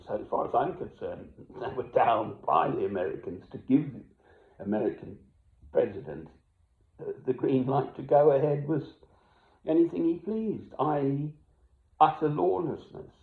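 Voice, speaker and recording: An older man talking in a rambling personal monologue, musing and wandering, swinging between loud and hushed. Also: mid-range voice, expressive, moderate pace. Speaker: self-made video speaker. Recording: echoey room, tinny phone-like sound.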